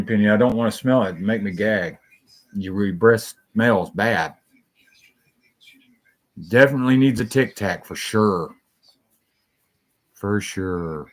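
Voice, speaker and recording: Guy rambling on his own talk show, lowish voice, cussing a lot, jumps all over the place. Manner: rambling, jumps between topics, swears freely. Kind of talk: rambling solo chat show.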